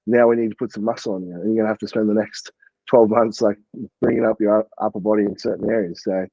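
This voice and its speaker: A man's voice: lowish voice, fairly even intonation, fast talker, creaky, mellow, no echo, highs cut off. A man, a podcast guest and coach, chatting casually and rambling with lots of "like" and the odd swear word. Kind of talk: casual interview chat.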